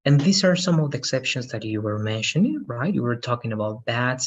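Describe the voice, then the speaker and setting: A male English teacher explains grammar to a student and keeps checking with "right?". His voice sounds a bit husky. The audio is dull and lo-fi, like an online class. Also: mid-range voice, very animated, fairly quick. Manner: says "right?" after most sentences.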